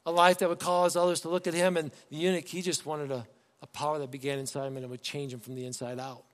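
A man's voice: fairly high pitch, flat delivery, fast talker. Man preaching, conversational, in an echoing hall. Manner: conversational, asks the congregation rhetorical questions. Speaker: pastor. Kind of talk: sermon. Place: church sanctuary.

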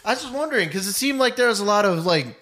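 Lively higher-voiced man co-host. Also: fast talker. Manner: loose and rambling, full of "like" and questions. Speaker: podcast co-host reviewing a movie. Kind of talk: casual chat.

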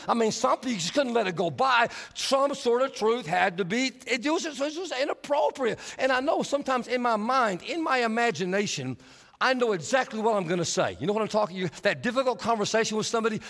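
Male preacher, high voice, storytelling sermon that moves between hushed and lively, long hall reverb. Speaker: pastor.

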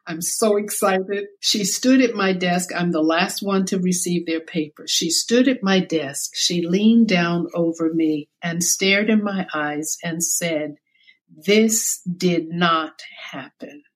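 An older woman from the American South, a guest in an interview, telling a personal childhood story slowly and reflectively. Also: on the low side. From South Carolina, US. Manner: slow, reflective storytelling with quoted voices.

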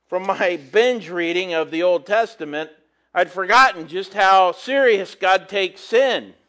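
A man preaching a conversational sermon, reading scripture and adding relaxed, chatty asides. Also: high-pitched, unhurried.

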